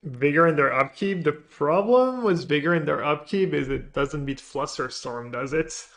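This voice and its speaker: A man streaming a card game, thinking his moves through aloud and trailing off into quiet mutters, with joking asides to chat. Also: fairly high pitch, lively intonation, normal speed. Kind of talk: thinking aloud while playing.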